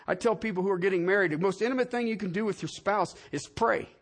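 A man's voice: sits high, fast. A man preaching a sermon as pastor, talking in a conversational way and often asking the congregation questions.

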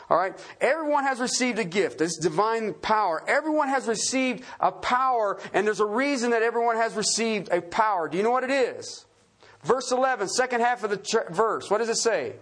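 A man's voice: high-pitched, moderate pace. A man preaching an expository sermon, casual and conversational, often checking in with his listeners and spelling out words. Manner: animated and conversational, frequent "Okay?" check-ins.

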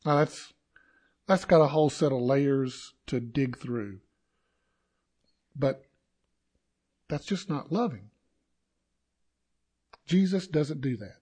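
A man preaching a sermon to his congregation, slow and deliberate, with dramatic pauses and sudden rises in intensity. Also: fairly high pitch, warm tone, breathy edge. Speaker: pastor.

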